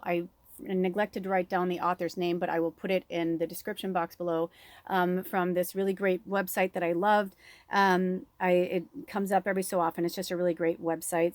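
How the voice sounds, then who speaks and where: A woman's voice: on the low side, no room sound. A middle-aged woman, a spiritual medium, chatting in a rambling, candid way, swearing freely and laughing often. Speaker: spiritual medium and oracle reader. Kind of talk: rambling personal chat.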